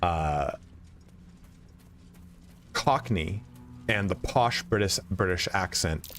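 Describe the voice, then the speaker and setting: A man's voice: deep voice, takes it slowly, fairly bright tone. A man streaming a game, chatting casually in a rambling way, with lots of swearing, fillers and restarts. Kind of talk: casual chat while playing. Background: faint game music.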